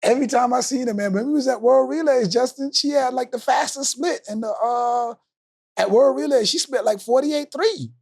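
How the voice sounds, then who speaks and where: Man, coach, co-host, high voice, laid-back, teasing, casual sports chat. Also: moderate pace, vocal fry, a little mellow, slightly rough.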